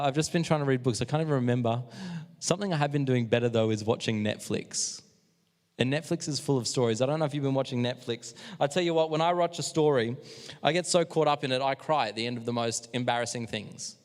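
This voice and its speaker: Man, youth leader, casual and energetic, hall reverb. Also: mid-range voice. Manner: energetic, chatty, self-deprecating. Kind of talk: live youth service talk. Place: church hall, live stream.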